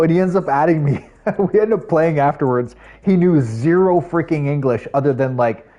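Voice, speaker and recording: A young man live streaming and chatting casually with viewers, rambling, laughing at himself and jumping into high voices for quotes. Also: a little fast, dark tone, highs cut off. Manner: rambling, self-mocking, laughs often, jumps pitch for quoted voices.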